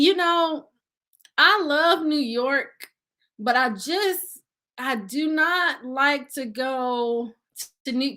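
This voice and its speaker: A chatty woman hosts a casual live stream and reads viewer comments aloud. Her voice sits high and bright. She talks at an unhurried pace, says "y'all" and laughs easily. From Nashville, Tennessee resident. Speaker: livestream host.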